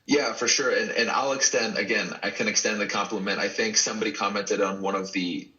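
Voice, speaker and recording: A man from Dallas, Texas, with a fairly low voice and a forceful, bright edge, chatting as a wrestling guest. He tells stories animatedly, stumbling and restarting as he goes. The sound is dull and lo-fi. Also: brisk. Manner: earnest, animated storyteller with repeated restarts. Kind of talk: casual interview chat.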